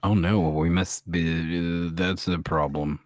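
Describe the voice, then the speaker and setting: A man's voice: sits low, fairly even intonation, a little slow, no room sound. A male podcast co-host reacting in casual chat with theatrical gasps and sassy quips.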